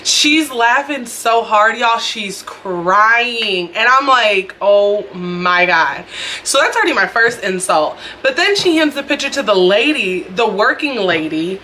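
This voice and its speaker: Speaking a little slowly yet with hardly any pauses, a young vlogger with a bright, clear, slightly high voice shares a casual storytime. She talks chattily and expressively straight to her audience, recording indoors on a phone camera amid faint noise.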